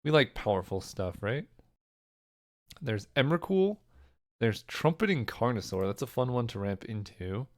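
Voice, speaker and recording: A man with a hoarse, fading voice giving casual, rambling commentary as he weighs options aloud. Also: mid-range voice, animated, a little slow. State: hoarse, losing his voice. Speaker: card game content creator.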